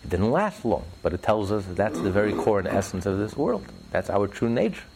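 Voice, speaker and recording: A man teaching religious ideas in an interview, preacherly, rising sharply in pitch for emphasis and telling stories with acted voices. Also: very animated, fairly quick, noisy background.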